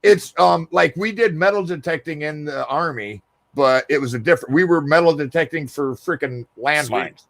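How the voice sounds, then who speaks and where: A man who served in the army, co-hosting a casual live stream and telling relaxed stories with casual swearing. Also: a little high, normal speed, creaky. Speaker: podcast co-host, army veteran.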